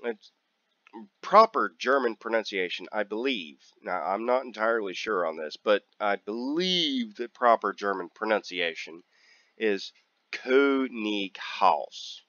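A man's voice: fairly low pitch, expressive, a little slow, bright, forceful tone, no room sound, highs cut off. A man hosting a casual gameplay video, joking and rambling, drawing out and repeating words as he talks. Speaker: gaming channel host.

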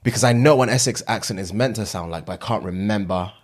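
A man co-hosting a podcast, chatting in a relaxed, self-deprecating way. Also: lowish voice, fast. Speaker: podcast co-host. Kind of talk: casual chat.

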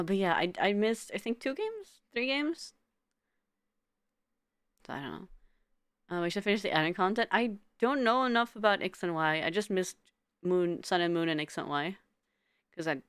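Giggly low-voiced woman streamer. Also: clear, resonant tone, dry recording, studio quality. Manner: giggly, stammers and repeats words. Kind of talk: casual live-stream chat with viewers.

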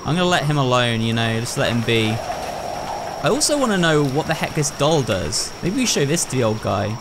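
A man's voice: medium pitch, very animated, normal speed, noisy background. Chatty man narrating a horror game. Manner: chatty, thinks aloud, talks to viewers. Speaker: gaming YouTuber. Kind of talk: horror game playthrough commentary. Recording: clear game ambience behind the voice. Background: horror game sounds.

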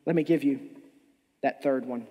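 Speaking at a moderate pace in a warm, mid-range voice, a male pastor gives an emphatic, impassioned sermon while stumbling over repeated restarts. Long reverb from the church surrounds his words.

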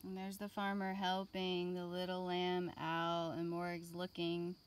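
Slow, patient woman art teacher. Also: fairly low pitch, monotone, a little hiss or hum. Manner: slow, patient, explaining to young children. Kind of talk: children's online art lesson.

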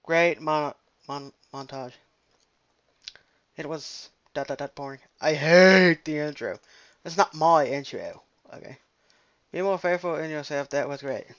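A man's voice: on the high side, measured pace, a bit bright, muffled recording. A young man rambling casually and profanely while commenting on a game he is playing. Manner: rambling, profane, jokey, trails off. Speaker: gameplay commentator. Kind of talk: casual let's play commentary.

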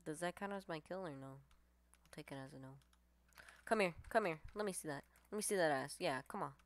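A woman giving live gameplay commentary, excitable, swearing and trash-talking her opponents. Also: low voice, fairly quick. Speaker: gamer streamer.

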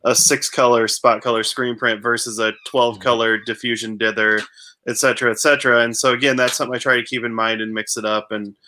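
Brief: male co-host, bright forceful tone, mid pitch, reflective. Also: flat delivery, brisk. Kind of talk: casual chat.

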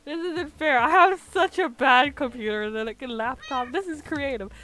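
Over faint background music, a woman streams a building game, chatting in a self-mocking way and bursting into laughs and squeals as she comments casually. Her voice is high-pitched and sharp, and she talks at a normal speed.

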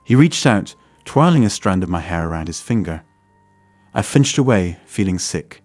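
Male audiobook narrator with a lowish voice, dry close recording, soft music underneath. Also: expressive, moderate pace, dry recording. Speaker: story narrator. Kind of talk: scripted first-person story narration.

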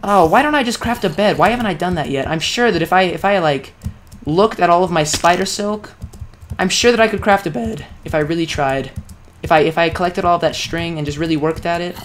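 A young adult let's play creator narrates a solo video game session in a medium-pitched voice, talking a little fast. Self-critical and often exasperated, they talk to themselves and keep calling themselves an idiot, with slight background noise.

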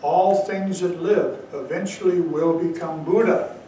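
A man giving a dharma talk as a Zen teacher, telling stories with slow emphatic asides, recorded far from the mic in a very echoey hall. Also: high-pitched, steady tone, mellow, a little hiss or hum. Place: meditation hall.

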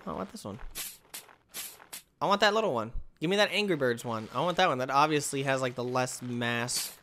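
A man giving excited gameplay commentary, yelping, exclaiming and trash-talking as he plays. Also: medium pitch, fairly quick, a little hiss or hum. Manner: excitable, yelps and exclaims loudly; trash-talks the game. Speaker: gamer.

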